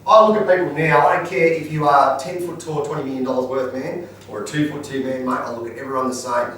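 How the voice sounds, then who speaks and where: A man's voice: a little high, fairly even intonation, fast, a bit bright. An Australian man talking bluntly and colloquially as a guest speaker, answering audience questions. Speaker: guest speaker, business owner. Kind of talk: live Q&A storytelling. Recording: echoey room, distant mic, noisy.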